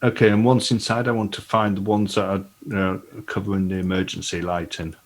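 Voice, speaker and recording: Guy, lowish voice, plainly calling out what his hacker does in a tabletop game. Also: little pitch movement, a little fast, poor audio. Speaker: player.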